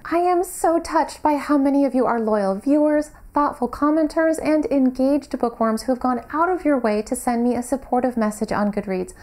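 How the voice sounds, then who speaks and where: A woman's voice: high voice, darkish tone. Articulate young woman book vlogger. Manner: earnest, articulate, self-critical in bloopers. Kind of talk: scripted vlog address then outtakes.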